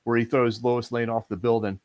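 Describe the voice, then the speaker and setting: A man's voice: medium pitch, level tone, brisk, darkish tone, dry recording. A man on a podcast panel, chatting casually with repeated stammering restarts. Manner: stammering restarts, laughs between points. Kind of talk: casual chat.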